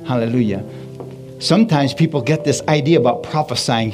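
A man's voice: mid-range voice, fast talker. A man preaching a sermon with energy, asking the congregation questions and repeating "Hallelujah" as he goes. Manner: animated preaching with call-and-response, repeated "Hallelujah". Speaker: pastor. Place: church service. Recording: faint music behind.

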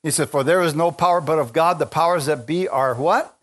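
Man, preacher, spontaneous sermon, fervent, swings from low murmurs to high exclamations. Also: brisk. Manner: fervent, rising to exclamations and calls to the congregation. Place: large church with a congregation.

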